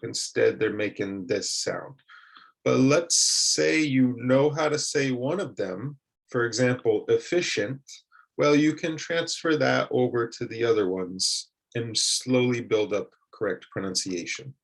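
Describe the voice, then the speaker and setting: A man teaching English pronunciation, modeling words slowly and asking learners to repeat them. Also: mid-range voice, vocal fry.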